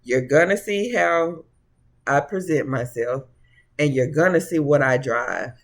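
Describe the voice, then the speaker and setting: A man's voice: a little high, a little slow. A man giving a casual tarot reading to camera in a sassy, preachy way. He calls his listeners honey and baby and laughs often. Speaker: tarot reader.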